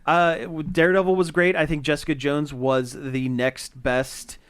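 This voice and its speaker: A man co-hosting a laid-back pop-culture podcast, his voice sitting a little on the high side. He talks easily and backs up the others with quick yeahs and mm-hmms. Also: clean tone. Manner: relaxed, agreeable, lots of quick yeahs and mm-hmms. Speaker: podcast co-host. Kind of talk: casual pop-culture chat.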